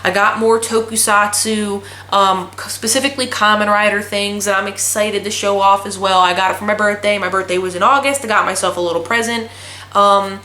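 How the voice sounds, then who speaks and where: A woman's voice: mid-range voice, fairly even intonation, brisk, bright, forceful tone, slight background noise. A young woman in her twenties vlogging casually, telling a story in a blunt, profane ranting way. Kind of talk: casual chat. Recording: echoey room.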